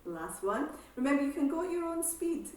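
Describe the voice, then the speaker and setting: A woman exercise instructor calmly guiding a seated breathing class, with slow breath cues and counting. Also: sits high. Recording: echoey room, voice from far off.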